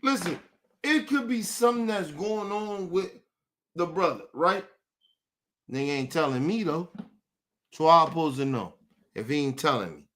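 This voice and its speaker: Man, young adult, AAVE, angry profane rant, podcast host, somewhat high voice. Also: lively intonation, normal speed, long pauses, a bit bright. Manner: angry, profane, repetitive street slang. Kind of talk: heated rant to camera.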